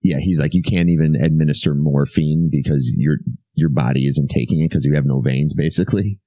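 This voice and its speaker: A man's voice: extremely low pitch, a little fast, mellow, dry recording. A young man co-hosting a podcast in casual chat, rambling loosely, swearing and laughing often. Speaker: podcast co-host.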